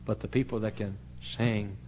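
A man's voice: on the low side, normal speed, a little hiss or hum. An older man preaching a sermon, telling a story and acting out both sides of a conversation, laughing now and then. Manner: animated storyteller who acts out the voices in the story and laughs as he talks.

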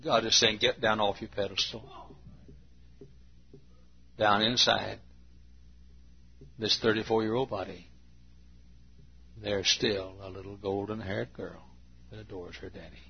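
A man in his late fifties preaching a sermon, folksy and storytelling, with a gravelly voice. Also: level tone, a little slow, long pauses, highs cut off. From Texas. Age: 50s. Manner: folksy, acts out anecdotes with bursts of high imitation and laughter.

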